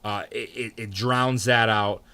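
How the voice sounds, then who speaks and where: Bright-voiced, animated young male streamer. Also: a little slow, clear, resonant tone. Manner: animated, swears freely, answers chat, jumps into high mock outrage. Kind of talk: casual live-stream chat.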